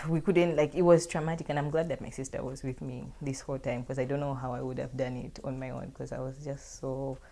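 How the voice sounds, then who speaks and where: A woman's voice: rumbling low, vocal fry, a little mellow. A young woman casually telling a personal story to her viewers in a chatty, filler-heavy way.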